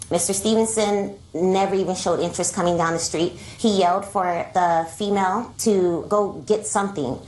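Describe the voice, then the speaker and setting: A woman plaintiff testifying in a courtroom, retelling events in a rushed run of clauses full of "like". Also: lowish voice. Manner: rushed, breathless retelling with many "like"s. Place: television courtroom. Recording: echoey courtroom with faint noise.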